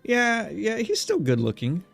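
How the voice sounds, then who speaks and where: A man's voice: sits high, huge pitch swings, measured pace, creaky, fairly bright tone, breathy edge, faint music behind. A man streaming a visual novel game, joking around and chatting with his viewers and the characters. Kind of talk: casual let's-play chat.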